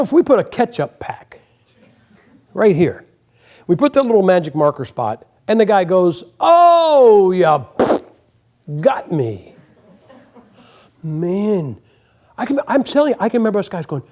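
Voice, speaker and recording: A man's voice: high voice, a little mellow. An older man preaching a folksy, joking sermon in a church, acting out quotes as he goes. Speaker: guest preacher. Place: church sanctuary.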